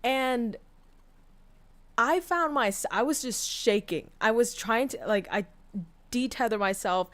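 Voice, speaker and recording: A woman's voice: a little high, slow, pauses often, a bit bright. A woman streamer telling a story in casual chat, candid and profane, with many fillers and restarts. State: tearful, voice breaking. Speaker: VTuber streamer.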